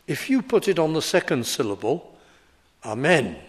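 A man in his seventies preaching a sermon in a slow, deliberate, emphatic way. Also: on the high side, sing-song.

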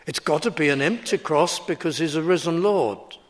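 A man in his seventies preaching a sermon in a slow, deliberate, emphatic way. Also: a little high, a little hiss or hum.

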